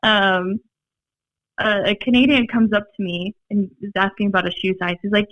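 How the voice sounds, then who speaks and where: A young woman with a Minnesota accent, a podcast guest telling stories in a rambling, animated way, full of fillers and laughs. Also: medium pitch, moderate pace, no echo. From Minnesota, USA. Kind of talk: casual storytelling chat. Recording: dry, slightly dull podcast audio.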